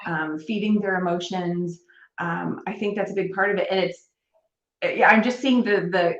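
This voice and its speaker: A woman hosting a podcast interview, responding supportively and thinking aloud with fillers. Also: mid-range voice. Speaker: podcast host. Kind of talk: casual interview chat. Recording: echoey, dull-sounding room mic.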